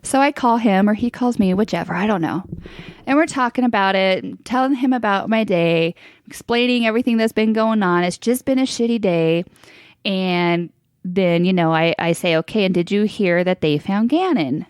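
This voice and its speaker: A woman's voice: medium pitch, normal speed, smooth, dry recording. A woman in her thirties co-hosting a podcast, telling a story in casual chat, candid and swearing freely with frequent laughs. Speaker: podcast co-host.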